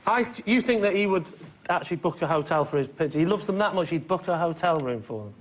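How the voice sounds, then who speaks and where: A man's voice: a little high, expressive, fast, a little hiss or hum. A man from northern England bantering cheekily as a panellist on a comedy show. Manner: cheeky, jokey. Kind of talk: quick-witted banter. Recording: live studio audience.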